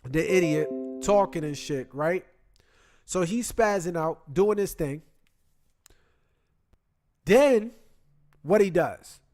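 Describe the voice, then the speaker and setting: A man hosting a casual sports chat, talking into his computer, retelling the game in animated, slangy detail. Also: fairly high pitch. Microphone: computer mic.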